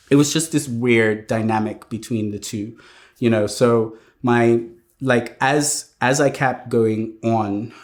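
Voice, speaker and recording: Reflective man, halting speech. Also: mid-range voice. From Bermuda. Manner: reflective, halting, many fillers and restarts. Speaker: guest sharing his life story. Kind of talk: personal testimony interview.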